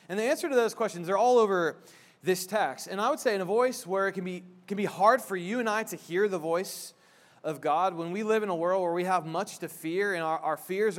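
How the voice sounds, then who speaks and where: A man in a church sermon, his voice sitting a little higher than most men's. He talks like he's chatting with the congregation, stumbling and restarting mid-thought as he goes. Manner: conversational preaching with frequent restarts; soft, hushed prayer. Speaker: pastor.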